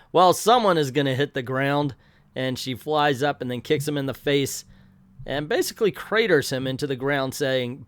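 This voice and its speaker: A man hosting a channel, giving a sarcastic, animated commentary review of a comic book. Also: mid-range voice, normal speed, no echo, studio quality.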